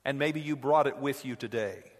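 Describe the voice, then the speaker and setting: A man preaching a sermon as pastor in a church, measured and earnest. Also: mid-range voice. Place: church sanctuary. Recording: echoey hall.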